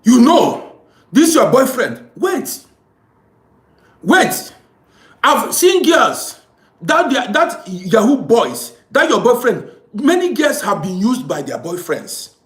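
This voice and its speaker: A man's voice: very high voice, very animated, slow, a bit bright, reverberant. A man giving a preachy, scolding moral monologue to camera as a social commentator.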